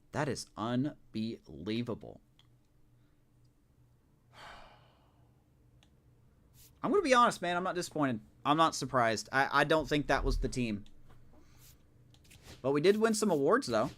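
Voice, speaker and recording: A man streaming a baseball video game live, reacting casually and with exasperation as he plays. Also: fairly high pitch. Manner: animated, talks to himself, exasperated reactions. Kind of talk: casual live gameplay commentary.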